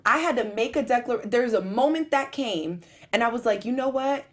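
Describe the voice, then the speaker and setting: A woman's voice: on the high side, lively intonation, a little fast. A woman co-hosting a casual talk show, speaking earnestly and with emphasis about faith and life lessons. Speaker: host. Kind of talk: casual chat.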